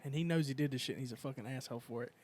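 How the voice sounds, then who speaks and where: A young man hosting a casual chat, telling profane stories and shouting out quoted lines. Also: medium pitch, racing. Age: young adult. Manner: profane storytelling, loud acted quotes. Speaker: podcast host.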